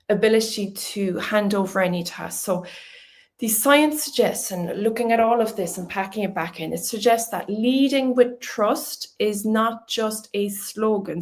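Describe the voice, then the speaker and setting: A woman's voice: mid-range voice, creaky. A woman giving a conversational presentation talk, with fillers and light laughs. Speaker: speaker.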